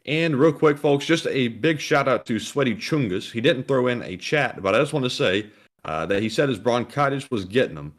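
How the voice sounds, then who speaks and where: A man's voice: medium pitch, lively intonation, normal speed. Man plainly reading out super chats. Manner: plain, announcer-like reading of donations. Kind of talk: casual livestream chat.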